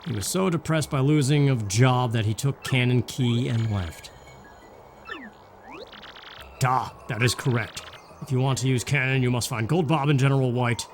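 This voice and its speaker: A man voicing a stubborn, secretive old male Bob-omb mayor in halting, broken speech with a clumsy Russian-style lilt. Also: medium pitch, slight background noise, lightly acted. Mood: gruff. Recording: game music behind.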